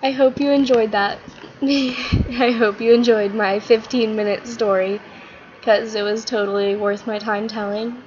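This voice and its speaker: A woman's voice: fairly high pitch, steady tone, unhurried, darkish tone. Chatty woman rambling through a story. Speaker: vlogger. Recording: slightly muffled with faint hiss.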